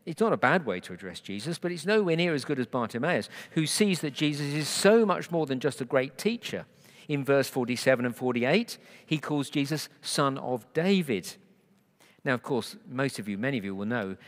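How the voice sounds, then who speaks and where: A man preaching an expository sermon, animated and rhetorical, often asking his listeners questions. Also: medium pitch. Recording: long hall reverb.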